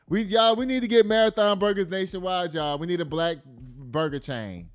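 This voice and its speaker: A man with a medium-pitched voice hosts a casual news commentary show. He's slangy and animated, reacting out loud as he reads the headlines.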